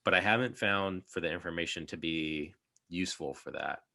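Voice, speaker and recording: Low-voiced young man, bright and rambling. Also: normal speed, creaky. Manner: rambling, many fillers and restarts. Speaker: podcast host. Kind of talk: casual chat.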